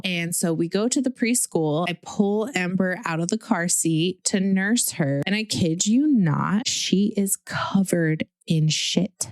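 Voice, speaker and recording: A woman in her thirties tells a story on her podcast in a chatty, animated way, dropping "like" often. Her voice sits on the low side and sounds smooth and clear. The recording is dry and close. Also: dry recording. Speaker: podcast host. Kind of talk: casual personal storytelling.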